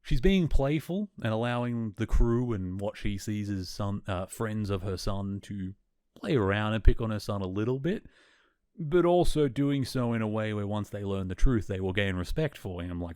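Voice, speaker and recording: A man's voice: on the low side, moderate pace, a little mellow, clear, resonant tone, dry recording, clean studio sound. A man hosting a podcast, chatting casually and enthusiastically as he recaps an episode, often correcting himself as he goes. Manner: chatty, enthusiastic, self-correcting, laughs now and then. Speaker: podcast host.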